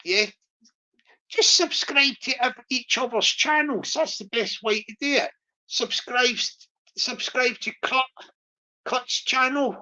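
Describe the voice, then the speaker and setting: A woman's voice: fairly high pitch, takes it slowly, pushed and bright, low-quality recording. A woman hosting a casual livestream, rambling with lots of fillers and restarts. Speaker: livestream host.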